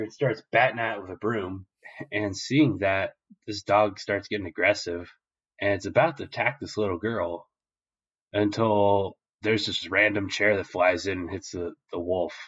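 Low-voiced man rambling through a casual recap. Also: muffled recording. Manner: loose, profane, rambling with many fillers. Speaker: podcast co-host.

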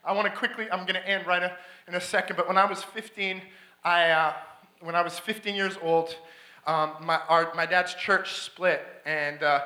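A man from Alberta, Canada, preaching a sermon in a church, telling stories with excitable energy, laughing often and building to shouts. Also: sits high, moderate pace. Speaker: guest preacher. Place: church sanctuary. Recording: echoey church hall.

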